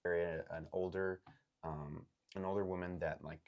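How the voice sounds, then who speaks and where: A man running a tabletop game as game master, explaining in a halting way full of ums and likes. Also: low-pitched, fairly even intonation, darkish tone, lo-fi sound.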